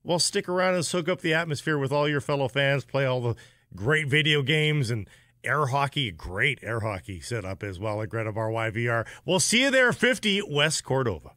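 A man's voice: mid-range voice, very animated, normal speed, sharp tone, dry recording, clean studio sound. A man co-hosting a sports radio show, bantering in a laid-back way and reading an upbeat live ad. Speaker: radio co-host.

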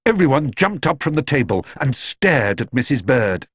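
Male narrator, very animated pitch, dry close sound, storybook reading. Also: moderate pace, few pauses, husky, no room sound. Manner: expressive, lively storytelling. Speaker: audiobook narrator.

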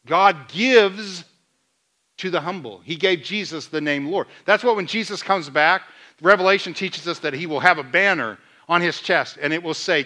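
A man preaching a sermon as pastor, asking the congregation questions and retelling scenes in lively dialogue. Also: high voice. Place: church sanctuary.

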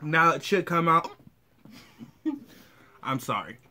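A man's voice: on the high side, animated, slow pace, pushed and bright, slight background noise. A man casually chatting on camera at home while he eats spicy food, with hiccups between his lines. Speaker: vlogger eating hot sauce.

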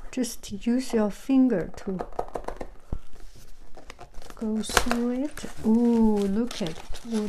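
Woman, slow halting talk, slips into whispers, fairly high voice, casual tea-time vlog. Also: noisy background. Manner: slow, halting, with frequent restarts and drifting into whispers. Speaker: vlogger.

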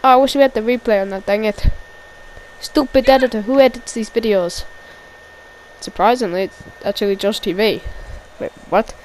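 A woman giving excited amateur play-by-play wrestling commentary, repeating each call and shouting at the big moves. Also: a little high, brisk, slight background noise, poor audio.

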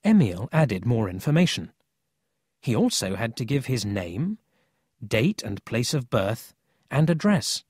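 A man narrating a children's audiobook in a scripted, expressive storytelling manner. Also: medium pitch, a little slow, breathy edge, no room sound, clean studio sound.

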